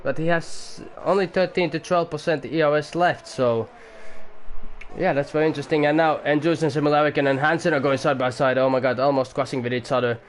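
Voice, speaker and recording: Man, sim race commentator, home setup, fairly high voice, excitable, faint background hum. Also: fairly quick. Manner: excitable, swears, keeps voice down. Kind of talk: amateur sim racing commentary. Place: home room.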